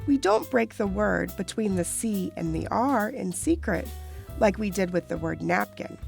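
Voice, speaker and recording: Woman narrator for a teaching video: very gravelly voice, lively pitch, clear measured delivery. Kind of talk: scripted instructional narration.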